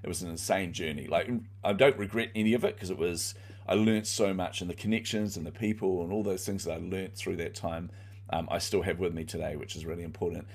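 A middle-aged male author, a guest in an interview, tells his story candidly and animatedly with lots of fillers. His voice is deep and steady in tone, and he speaks a little fast.

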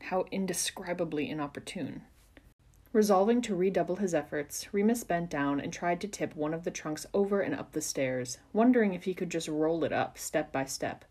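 Woman reading a story aloud, expressive. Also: lowish voice, breathy edge. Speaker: podcast reader. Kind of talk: reading fan fiction aloud.

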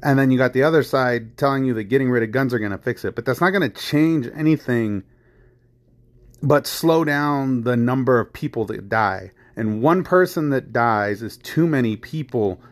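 A man's voice: mid-range voice, normal speed. A man hosting a podcast, talking in a heated, rambling way, repeating phrases, swearing and filling with "you know" and "I mean". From United States. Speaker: podcast host. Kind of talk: casual chat.

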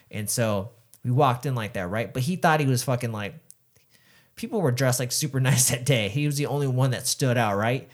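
A man's voice: mid-range voice, fairly quick. Young man telling profane stories. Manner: profane, animated, acts out quoted voices. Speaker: podcast co-host. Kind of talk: casual storytelling chat.

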